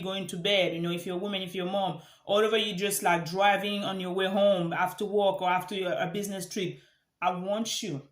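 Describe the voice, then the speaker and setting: A woman from Africa, giving an earnest motivational talk as a life coach and repeating phrases for emphasis. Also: on the low side. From Central Africa. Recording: echoey room.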